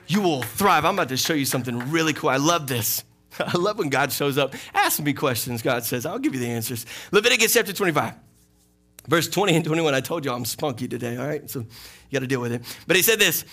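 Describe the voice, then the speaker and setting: A man preaching a sermon as pastor, lively and playful, acting out quoted voices and laughing often. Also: fairly high pitch. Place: church sanctuary.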